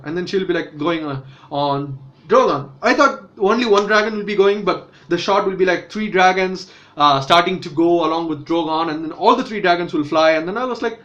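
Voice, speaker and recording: A man's voice: high voice, normal speed, fairly bright tone, lo-fi sound. A man casually reviewing a TV episode, rambling with fillers and restarts. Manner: rambling, many self-corrections and fillers. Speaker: TV show reviewer.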